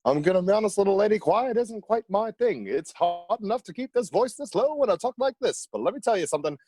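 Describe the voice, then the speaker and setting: A man's voice: high voice, lively intonation, fast, warm tone, husky, dry recording, studio quality. A man playing a chatty, boastful skinny hobgoblin in a tabletop game, teasing and rambling. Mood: playful. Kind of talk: tabletop role-play in character.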